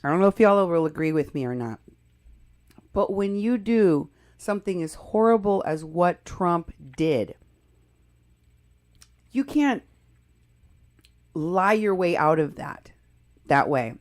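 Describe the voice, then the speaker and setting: A woman hosts a live political commentary stream, talking with plenty of conviction and pressing her points hard. Her voice sits slightly low for a woman, and she keeps breaking off and restarting her sentences as she goes. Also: animated, slow, pauses often, a little mellow. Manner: emphatic, indignant, with frequent restarts. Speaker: show host.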